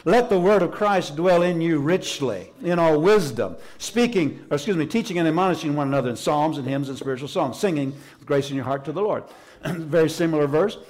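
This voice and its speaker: A man preaching a fervent sermon, his voice sitting somewhat high. He talks emphatically and repeats his phrases for emphasis. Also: a little fast, darkish tone. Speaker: pastor. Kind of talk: Pentecostal sermon. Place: church service.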